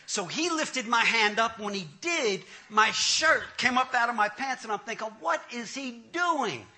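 A man's voice: very high-pitched, normal speed. A man, an entertainer, telling his testimony as a comic story, laughing as he goes. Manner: animated, laughing through the story.

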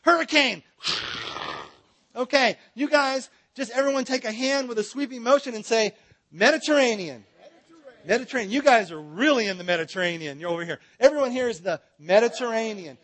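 A man's voice: very high voice, animated, a little fast, a bit bright. A man teaching a Bible seminar in a church, joking with and directing his audience.

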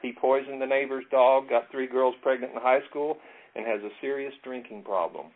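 A man's voice: medium pitch, normal speed, close to an everyday voice. A man voicing a blunt, grandmotherly elderly woman on the witness stand in a joke, prim and scolding. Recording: tinny phone-like audio.

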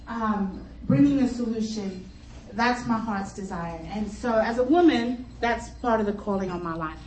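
Animated woman storyteller in an echoey hall. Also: on the high side. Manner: animated, playful, chatty storyteller. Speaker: luncheon speaker, pastor's wife. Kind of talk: humorous personal storytelling talk. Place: conference luncheon hall. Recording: echoey hall, voice from far off, faint crowd and noise.

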